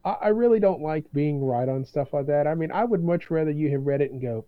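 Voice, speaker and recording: A man co-hosting a podcast in casual chat, measured and dryly humorous, heard over a remote line. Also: on the high side, dry recording. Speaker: podcast co-host. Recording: tinny phone-like line, dry.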